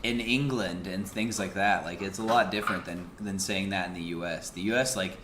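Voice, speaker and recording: Lower-pitched male co-host, easygoing explainer, roomy mic with faint background noise. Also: fairly even intonation, fairly quick. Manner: chatty, explaining, teasing. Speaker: podcast host. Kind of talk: casual chat.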